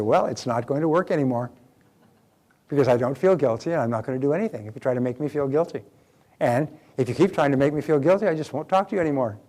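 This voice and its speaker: A middle-aged man with a mellow, medium-pitched voice gives a motivational seminar talk on self-development. He teaches emphatically, acting out quoted dialogue as he goes.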